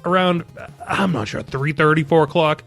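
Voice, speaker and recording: A man's voice: a little high, moderate pace, a bit bright, faint music behind. A man hosting a casual podcast chat, upbeat and laughing often. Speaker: podcast host.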